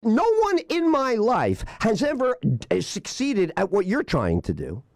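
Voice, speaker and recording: A man's voice: sits high, huge pitch swings, measured pace. A man hosting a radio talk show, sparring with a caller in a sarcastic, combative and profane way. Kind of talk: on-air exchange with a prank caller.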